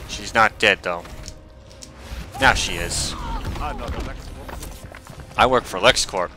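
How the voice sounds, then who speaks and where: A man giving casual gameplay commentary, excitable, swearing and shouting at the game as he plays. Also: fairly low pitch, slow pace. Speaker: video game player. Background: game music.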